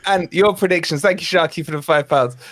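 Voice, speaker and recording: A man's voice: on the high side, moderate pace, fairly bright tone. A man hosting a live football podcast, talking in teasing, playful banter. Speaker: podcast host.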